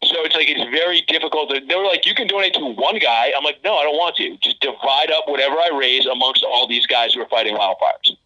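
A man in casual podcast chat, animated and indignant, swearing as he talks. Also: on the high side, quick pace, hardly any pauses, dull audio. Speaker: podcast guest.

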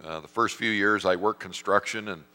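Low-voiced pastor in a reverberant hall. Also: male voice, moderate pace, bright, forceful tone. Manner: storytelling, acts out voices, self-deprecating. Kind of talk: sermon.

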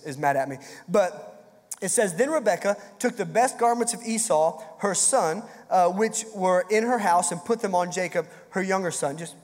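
A man's voice: high voice, big-room sound. A man preaching a sermon in a casual, joking way, often repeating words as he goes. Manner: conversational, jokey, repeats words. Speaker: pastor.

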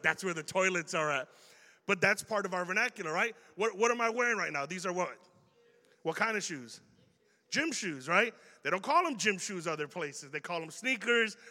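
Animated Chicago preacher, bright, echoing hall. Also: male voice, sits high. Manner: animated and conversational, acting out quoted exchanges. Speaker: youth preacher. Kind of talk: sermon. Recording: long hall reverb.

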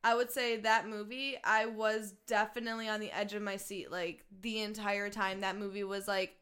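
A woman's voice: mid-range voice, flat delivery, normal speed, fairly bright tone, clear, resonant tone. A woman in her early twenties chatting loosely as a podcast co-host, laughing easily and swearing casually. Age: 20s. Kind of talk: casual chat.

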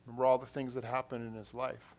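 In a church hall, an assistant pastor delivers an earnest sermon. His medium-pitched voice is level and fast, and he repeats phrases and rises into emphatic bursts.

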